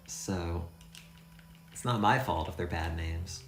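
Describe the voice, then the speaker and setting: Gravelly low-voiced man rambling through a game. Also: slow, faint music behind. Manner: rambling, self-deprecating, thinking aloud. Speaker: streamer. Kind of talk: casual let's-play commentary. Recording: echoey room sound.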